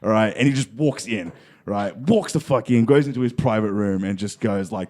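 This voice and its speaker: A man's voice: lowish voice, normal speed. A man, co-hosting a podcast and telling a long story in casual chat, acting out the voices of the people in it and swearing freely. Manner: animated, acts out quoted voices, heavy swearing.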